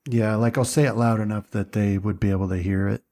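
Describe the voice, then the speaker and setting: A man's voice: fairly low pitch, fairly even intonation, brisk, dark tone. A man playing a tabletop game, thinking aloud hesitantly with many fillers. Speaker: player. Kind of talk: casual tabletop play.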